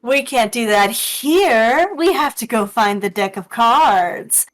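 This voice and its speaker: Woman putting on a high, sing-song goblin jester, manic and merry; tabletop game. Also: expressive, slow. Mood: cheerful.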